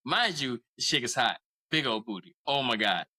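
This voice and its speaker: A man's voice: mid-range voice, animated, moderate pace, pushed and bright, rough recording. A man in his forties casually telling a profane story as a podcast co-host, often laughing.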